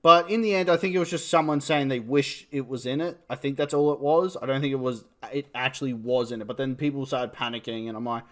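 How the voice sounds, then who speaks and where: A man's voice: medium pitch, quick pace, hardly any pauses, fairly bright tone. A man with a New Zealand accent, casually reviewing a film, rambling and swearing as he talks. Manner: rambling, swears, laughs at himself. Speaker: movie reviewer.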